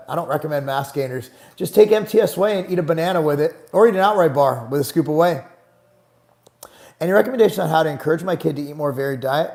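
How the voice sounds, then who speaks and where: Gravelly, blunt, profane man. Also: on the high side. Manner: blunt, profane, gets heated and exasperated. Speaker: host answering live chat questions. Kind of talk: casual live Q&A stream.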